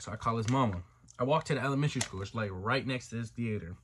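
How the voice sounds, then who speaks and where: A man's voice: medium pitch, fast, fairly bright tone, breathy edge. A young man telling a story on his channel in a loose, slangy, profane way, jumping into the voices of the people in it. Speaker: storytime vlogger. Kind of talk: casual storytime monologue.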